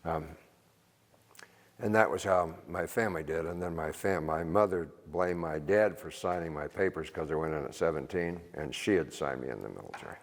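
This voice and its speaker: A bass-voiced older man talks at a moderate pace, his words echoing around a church hall. The retired Army veteran rambles through an informal seminar for a church group, speaking plainly and chuckling at his own stories.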